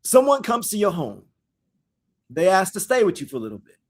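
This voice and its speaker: A man with a high voice leads a live scripture discussion in a loose, conversational way. He repeats his phrases and speaks to his listeners as "y'all." When he reads verses, he slows right down and stresses each word. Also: sing-song. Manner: reads verses slowly and deliberately.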